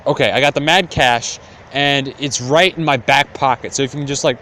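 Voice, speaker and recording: A man's voice: medium pitch, a little fast, pushed and bright, a little hiss or hum, close to an everyday voice. A man voicing a sly, crude sick old husband, offhand and slangy.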